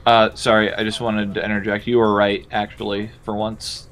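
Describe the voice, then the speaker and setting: Low, bright-toned man in chat. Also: little pitch movement, moderate pace, soft background music. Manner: matter-of-fact, chimes in with details. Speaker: friend in voice chat. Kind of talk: casual chat.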